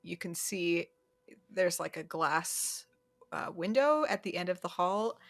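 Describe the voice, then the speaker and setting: A woman co-hosting a podcast, casually recapping a film in a chatty way, laughing often and pausing on fillers. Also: on the low side, animated. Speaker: podcast co-host.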